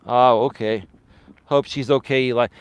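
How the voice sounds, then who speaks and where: Out on a walk, a man who works as a life coach livestreams in a relaxed way, picking up viewer comments and answering them. His medium-pitched voice is steady and smooth at a normal speed, and the recording is dry.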